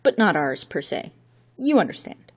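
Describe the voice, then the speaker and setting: A woman's voice: fairly low pitch, big pitch swings, moderate pace, slightly rough. A woman voicing a gaunt, sinister bearded male villain count, speaking in a grandiose, pompous, arrogant manner.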